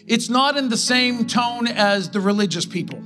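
A man preaching a sermon as pastor, impassioned, with slow dramatic pauses. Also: extremely high pitch, animated, bright, forceful tone, soft background music.

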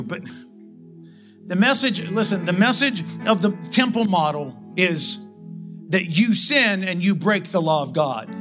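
Bright-voiced male pastor preaching. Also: sits high, lively intonation, soft background music. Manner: impassioned, with slow dramatic pauses. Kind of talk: sermon.

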